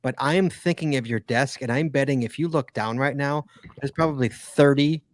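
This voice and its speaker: A podcast host with a mid-range voice talks at a moderate pace, ribbing his co-hosts and rambling with lots of fillers on a casual show. The sound is clean studio audio with no room sound.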